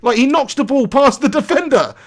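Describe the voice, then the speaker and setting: Brief: young streamer, chatty and laughing, higher voice, commenting live on a football game. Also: male voice, animated, a little fast. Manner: chatty, laughs often, reads out chat messages. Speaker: gaming streamer.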